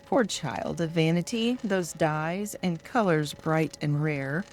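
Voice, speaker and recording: A hardworking bee answers with mild, gentle reproof, in an older woman's reading voice. The delivery is slow and low-pitched, calm as a bedtime storybook poem. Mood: reproving.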